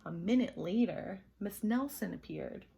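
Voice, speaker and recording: A teacher reading a picture book aloud to her pupils in a gentle, expressive way. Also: medium pitch, a little slow, creaky. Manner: expressive, gentle storytelling to children.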